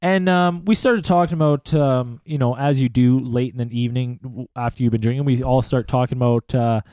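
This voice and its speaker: A man's voice: mid-range voice, a little fast, no room sound. A man telling a story in casual chat, swearing freely and acting out what people said. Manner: profane, animated storytelling with acted-out quotes.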